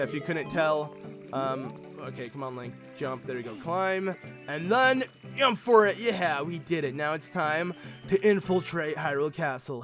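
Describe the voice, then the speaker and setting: Friendly, chatty male gamer host, a bit high-pitched, rambling commentary over soft game music. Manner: chatty, rambling, self-correcting, talks to viewers as friends. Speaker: let's play host. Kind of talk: casual gameplay commentary.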